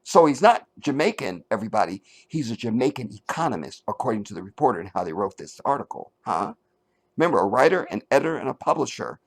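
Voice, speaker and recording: Sarcastic, animated man ranting. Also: medium pitch, quick pace, husky. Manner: mocking, animated, swings from loud to muttered. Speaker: commentary channel host. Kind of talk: sarcastic commentary reading an article.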